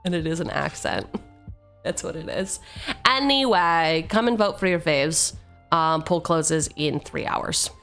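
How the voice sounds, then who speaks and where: A woman with a lowish voice chats slowly and easily on a live stream, wandering off on tangents and poking fun at herself. She reads card text aloud between asides, and faint music plays underneath. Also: expressive, gravelly, a bit bright. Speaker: streamer opening card packs. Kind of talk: casual live-stream chat.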